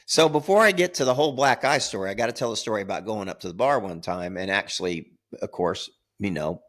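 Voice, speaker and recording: Older male podcast co-host, low voice, rambling anecdotal storyteller who chuckles at himself. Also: animated, quick pace, fairly bright tone. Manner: rambling, repeats words, laughs at own stories. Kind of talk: casual storytelling.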